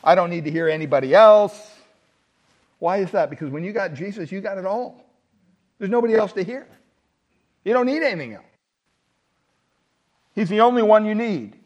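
A male pastor delivers a sermon, his voice sitting a little higher than most men's. He leans hard on key words and keeps asking the congregation questions. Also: normal speed, long pauses, dull audio. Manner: emphatic preaching, rhetorical questions to the congregation.

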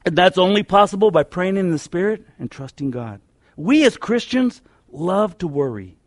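A man preaching a sermon emphatically, repeating key lines and letting phrase ends fall quiet. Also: high voice, big pitch swings, normal speed, no room sound, clean studio sound.

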